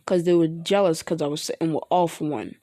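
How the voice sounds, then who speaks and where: A woman plays a young man whose menace sits in quiet, hushed words. The tone is low and mellow. Nothing is shouted. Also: steady tone, a little fast, no echo, studio quality, close to an everyday voice. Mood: menacing.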